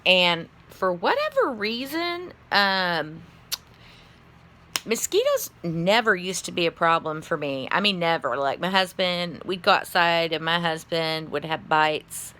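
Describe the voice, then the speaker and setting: A woman's voice: lowish voice, sing-song, a little slow, sharp tone. A tired middle-aged woman, chatting casually to her phone camera in a rambling way, yawning and swearing now and then. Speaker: vlogger.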